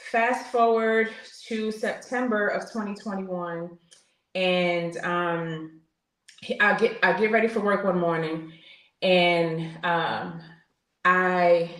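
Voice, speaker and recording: A woman in her forties speaks in a low register and tells her own story candidly, pausing on fillers and starting sentences over. Her voice carries some room echo around it. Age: 40s. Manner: earnest, open, with frequent fillers and restarts. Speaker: podcast guest, military veteran. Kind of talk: candid personal storytelling in conversation. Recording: roomy echo.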